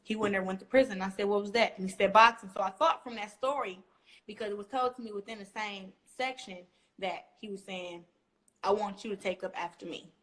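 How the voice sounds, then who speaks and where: A young woman from Flint, Michigan, talking casually as an interview guest, animated and acting out quotes as she tells stories. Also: medium pitch, fairly quick. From Flint, Michigan, USA. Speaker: guest boxer.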